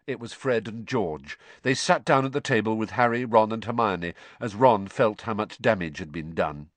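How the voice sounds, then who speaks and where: A man narrating a storybook aloud with expressive delivery. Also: lowish voice, normal speed, hardly any pauses, dry recording. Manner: expressive, animated. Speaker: audiobook narrator.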